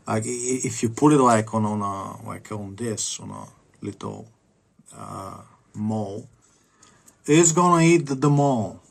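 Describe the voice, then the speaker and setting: A man's voice: lowish voice, creaky, slightly rough. A man ranting in a casual vlog, rambling with many fillers and restarts. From Bulgaria. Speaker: vlogger.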